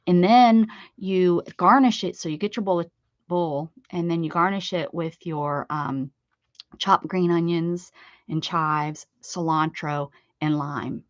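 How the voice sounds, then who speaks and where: A woman's voice: low voice, no room sound. Chatty rambling woman, dull dry sound. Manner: rambling, self-correcting, chatty with viewers. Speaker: craft livestream host. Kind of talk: casual livestream chat.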